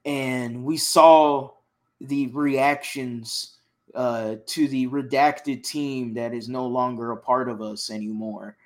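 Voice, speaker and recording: A young man from Houston co-hosting a casual sports chat, passionate and excitable, often repeating himself. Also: medium pitch, slow pace. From Houston, Texas. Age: young adult. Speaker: sports podcast co-host.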